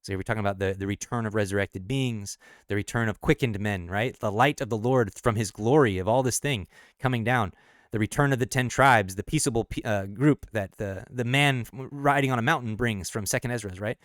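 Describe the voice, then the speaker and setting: Low-voiced man rambling on a late-night stream. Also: a little fast, no echo, studio quality. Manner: rambling and thinking aloud, with many restarts and self-corrections; laughs easily between explanations. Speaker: streamer discussing his own song lyrics. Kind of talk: casual late-night livestream talk.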